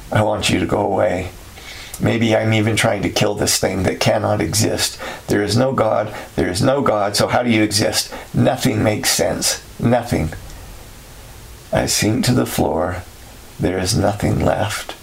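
A man narrating a story in a steady, somber way. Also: on the low side, creaky, low-quality recording.

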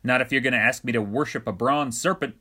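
A man's voice: medium pitch, fast talker, pushed and bright. A man voicing a suspicious, contrarian man who argues indignantly about everything. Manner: indignant, argumentative.

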